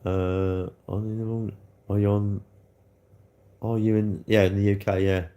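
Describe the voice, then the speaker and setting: A man chatting casually with viewers on a livestream, bantering as he reads comments, his throat a little hoarse. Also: fairly low pitch, level tone, normal speed, warm tone. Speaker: livestream host.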